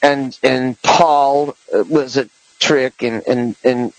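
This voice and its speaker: A man's voice: mid-range voice, fairly even intonation, slow, no echo, rough recording. Give me a male podcast host talking in loose, rambling chat with a dry, close sound. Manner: rambling with many restarts and fillers. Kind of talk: casual political chat.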